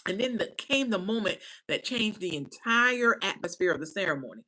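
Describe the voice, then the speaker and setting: A woman's voice: medium pitch, fairly quick, rough recording. A woman giving casual commentary to camera, emphatic and repetitive, punctuating her points with "right?" and "okay?". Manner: animated, preacher-like cadence. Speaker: commentary vlogger.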